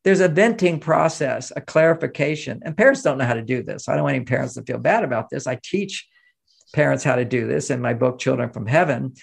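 An older man with a gravelly, creaky edge to his voice. He talks as an interview guest in an animated storytelling way. He often acts out the voices of the people he quotes. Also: medium pitch, fairly quick. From United States. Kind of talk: interview conversation.

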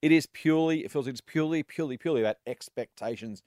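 An Australian man co-hosting a finance talk show as an investment analyst, wry and animated when reeling off figures. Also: a little high, quick pace, dry recording, studio quality. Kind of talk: casual finance podcast banter.

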